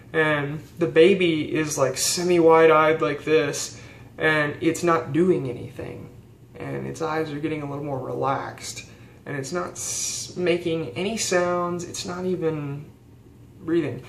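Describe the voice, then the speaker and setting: A man's voice: fairly high pitch, vocal fry, a bit bright. A young man and theology student telling a story in a casual vlog, earnest and rambling with fillers and restarts. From rural United States. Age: young adult. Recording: echoey room with faint background hiss.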